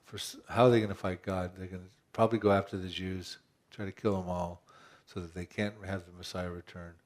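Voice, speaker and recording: A man's voice: deep voice, little pitch movement, fairly quick. A man pastor preaching a conversational sermon, asking rhetorical questions and often restarting his phrases.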